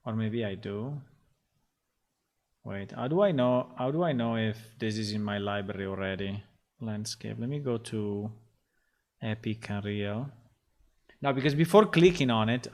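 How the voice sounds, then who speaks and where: A man casually talking through his game development work on a livestream, rambling and muttering to himself as he goes. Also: fairly low pitch. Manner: rambling, talks to himself, gets frustrated and swears.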